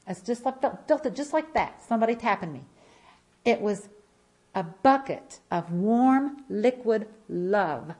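With a medium-pitched, slightly mellow voice, a woman in her fifties delivers an impassioned testimony at church. She speaks emphatically, repeating phrases as her story unfolds.

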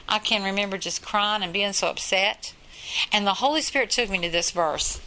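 A woman's voice: mid-range voice, lively intonation, moderate pace, sharp tone, rough recording. A woman preaching a sermon in an earnest, emphatic way, often repeating her phrases.

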